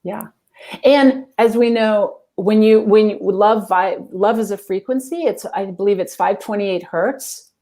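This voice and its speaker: A woman guest, an executive coach, giving earnest, fast-moving answers about love and spirituality in an interview. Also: medium pitch, warm tone.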